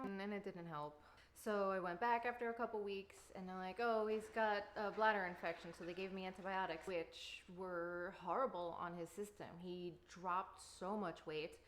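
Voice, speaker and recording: A woman in her thirties chatting casually to camera while baking at home, rambling with lots of fillers. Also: mid-range voice. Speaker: vlogger and mother. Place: home kitchen.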